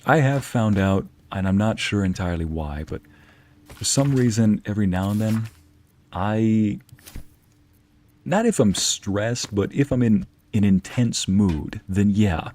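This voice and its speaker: A man's voice: fairly low pitch, animated, measured pace, darkish tone. A man streaming a video game, chatting casually with viewers and answering their messages, sometimes slipping into Spanish phrases. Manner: chatty, reads and answers chat aloud, drops into Spanish phrases.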